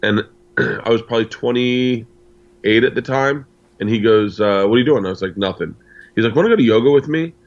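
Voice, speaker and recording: A man's voice: medium pitch, normal speed, muffled recording. A middle-aged man from the United States, a comedian guest telling a long personal story and acting out the dialogue. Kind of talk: storytelling in casual interview.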